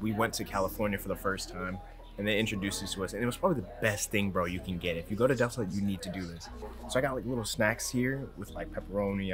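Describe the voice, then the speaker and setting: A young man vlogs in a loose, slangy, joking way, with a fairly low voice. Music plays clearly under his talk throughout. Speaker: vlogger. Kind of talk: casual travel vlog.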